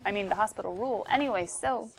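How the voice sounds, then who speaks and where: Fast-talking and creaky at a medium pitch, a woman lectures a math class in a playful, chatty way. She frequently mutters to herself as she works problems, over faint background noise.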